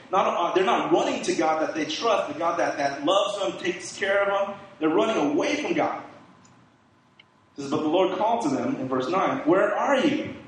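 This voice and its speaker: A middle-aged male preacher gives an informal, conversational sermon full of fillers and rhetorical questions. His voice is high and a bit bright. The room is echoey, the mic distant, with a faint hiss.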